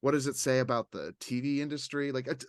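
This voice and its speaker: A man's voice: mid-range voice, fast, dry recording, studio quality. A man co-hosting a casual chat, rambling and acting out what others said. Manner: animated, rambling, acts out others' lines. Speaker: podcast co-host.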